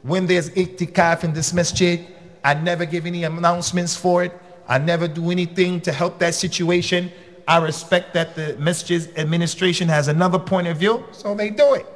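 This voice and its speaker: A male preacher lecturing his congregation in a blunt, conversational way. His voice sits a little high for a man, and it leaps upward whenever he stresses a point. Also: steady tone, fairly quick. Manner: emphatic, with sudden rises in pitch. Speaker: preacher and khatib.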